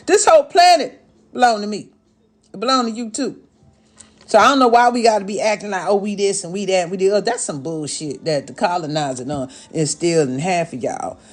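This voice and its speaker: A woman's voice: low voice, breathy edge. A woman hosting a casual live stream as an astrologer, talking to viewers in a sassy, motherly way and scolding and teasing them as their elder mama. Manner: sassy, motherly, calls viewers "babies" and "y'all", scolds and teases; talks as an elder mama persona. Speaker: livestream host and astrologer.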